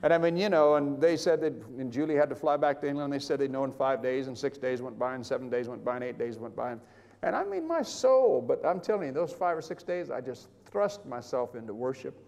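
An older man preaching, telling a personal story with animated, chuckling delivery and acting out the voices of others in his account. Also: medium pitch, quick pace, creaky, long reverb tail. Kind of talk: sermon testimony.

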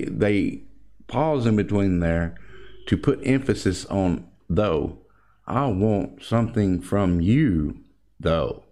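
Male commentator, lowish voice, unhurried, emphatic, talks straight to "folks". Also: mellow. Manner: emphatic, addresses listeners as folks. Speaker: political commentator. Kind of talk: opinionated commentary monologue.

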